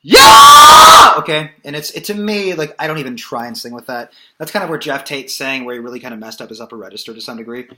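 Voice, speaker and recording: A man giving a casual singing lesson as a voice teacher, explaining in a loose, relaxed way with plenty of fillers. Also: medium pitch, fast talker, few pauses, very noisy.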